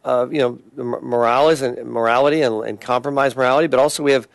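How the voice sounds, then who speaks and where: A man's voice: mid-range voice, steady tone, fast, vocal fry, no echo. A man speaking as an interview guest, earnest and listing his points steadily. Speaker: guest, attorney organization leader. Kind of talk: casual interview chat.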